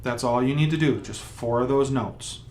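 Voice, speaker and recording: A man's voice: mid-range voice, moderate pace, a little mellow, faint music behind. A man teaching a beginner trumpet lesson, explaining patiently step by step and sounding out rhythms as he goes. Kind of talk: instructional video lesson.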